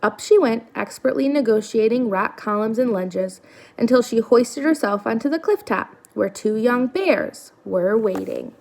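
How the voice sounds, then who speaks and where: Woman, story reader, reading a children's novel aloud, gravelly, slightly high. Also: a little slow, slight background noise. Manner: steady storytelling narration.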